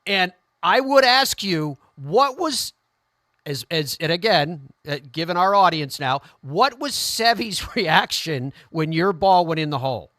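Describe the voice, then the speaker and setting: A man's voice: fairly high pitch, animated, unhurried, sharp tone, no echo. A man hosting an interview show, chatty and enthusiastic as he leads into questions. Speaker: host.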